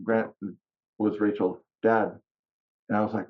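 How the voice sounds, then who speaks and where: A podcast guest telling personal stories in casual talk, animated and often laughing. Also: male voice, fairly low pitch, normal speed, dull audio. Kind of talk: casual storytelling.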